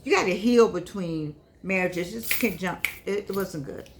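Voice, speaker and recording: An older woman, a vlogger and author, chats casually to her viewers in a casual monologue to camera, using a fairly low voice at a moderate pace. She's scolding and repetitive, and her speech is slightly unclear because she's missing teeth. A little hiss or hum sits under the recording.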